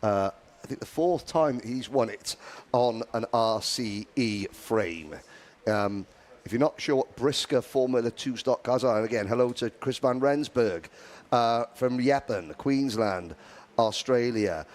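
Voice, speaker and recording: A man's voice: medium pitch, unhurried. A man giving live karting commentary, chatty and rambling with asides.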